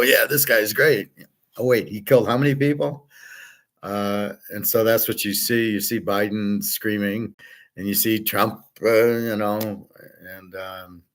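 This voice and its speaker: A man's voice: sits low, fairly bright tone. Blunt, opinionated man rambling. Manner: blunt, opinionated, with frequent fillers and restarts; mimics others in quoted asides. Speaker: host. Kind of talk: casual rambling monologue.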